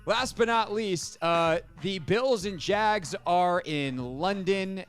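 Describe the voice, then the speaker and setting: A man hosting a sports talk radio show, joking with his producer in a quick, casual way. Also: high-pitched, fairly bright tone.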